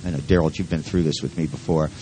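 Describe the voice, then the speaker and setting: A man's voice: a bass voice, fairly even intonation, fast talker, mellow, a little hiss or hum, rough recording. A man leading a live workshop who talks in a rambling, joking and profane way. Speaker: seminar leader.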